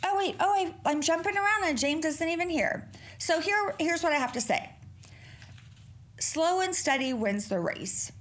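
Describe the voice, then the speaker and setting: Lively, foul-mouthed middle-aged woman host. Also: very high voice, normal speed. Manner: profane, rambling and animated. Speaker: podcast host. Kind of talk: casual solo podcast chat.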